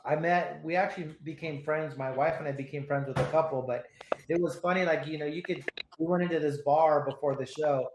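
A man's voice: a little high, fairly even intonation, fairly quick, noisy background. A man hosting a casual radio chat, laid-back and rambling, swearing often as he tells stories. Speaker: radio host. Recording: roomy echo.

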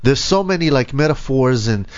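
A man's voice: medium pitch, animated, moderate pace. An easygoing man hosting a casual chat, with a mid-range voice. He talks loosely and fills his sentences with little asides. The recording sounds dull and lo-fi. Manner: casual, easygoing, many fillers. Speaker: host.

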